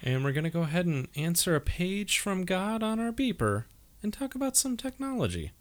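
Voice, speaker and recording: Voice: medium pitch, a little fast, slight background noise. A podcast co-host chatting casually and telling stories in an easygoing way. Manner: animated storyteller, easygoing. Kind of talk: casual movie rewatch chat.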